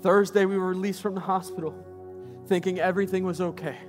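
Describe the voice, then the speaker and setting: High-voiced impassioned male preacher. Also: level tone, fast talker, soft background music. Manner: impassioned, repetitive preaching cadence. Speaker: pastor. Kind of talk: sermon.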